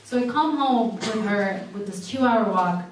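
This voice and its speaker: Young woman, halting eulogy, lots of fillers and restarts, very echoey hall, distant from the mic, faint background noise. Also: mid-range voice. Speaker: granddaughter giving a eulogy. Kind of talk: eulogy at a memorial viewing. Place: memorial viewing hall.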